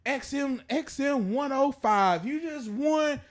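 A man voicing a hyped-up male radio DJ making a prank prize call, loud and drawn out. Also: extremely high pitch, voice pushed up. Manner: loud, drawn-out announcer delivery.

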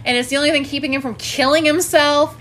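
A woman's voice: high voice, steady tone, fast, fairly bright tone. A woman co-hosting a casual podcast, animatedly recapping a movie and swearing freely. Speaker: podcast co-host.

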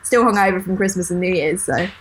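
A woman's voice: lowish voice, fast, a little hiss or hum, poor audio. Young Kent woman, slight lisp, giggly podcast co-host, easy casual chat. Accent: Kent English. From Kent, England. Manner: chatty, laughs often.

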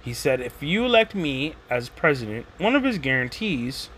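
A man's voice: a little high, normal speed, slight background noise. A man talking in a rambling, casual monologue as a podcast host. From Texas. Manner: rambling, animated, conversational with slang.

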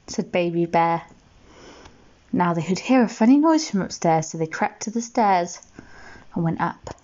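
A woman reading a bedtime story aloud, gentle and expressive, asking the listener questions. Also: fairly low pitch, moderate pace, lo-fi sound.

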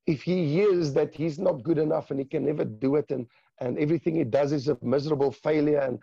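A man giving a fervent, emotional spiritual testimony in conversation, halting often and restarting words. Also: a little high, vocal fry, dark tone, slightly rough, dry recording, highs cut off. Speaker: guest sharing a testimony.

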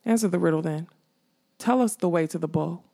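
A woman's voice: fairly low pitch, brisk, gravelly, dark tone. A woman reading an audiobook, voicing a frustrated, urgent male magician. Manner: urgent, exasperated.

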